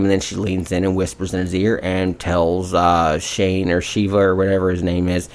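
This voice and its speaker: A man co-hosting a podcast who retells a movie's plot in a casual, profane and animated way. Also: deep voice, moderate pace, few pauses. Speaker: podcast co-host.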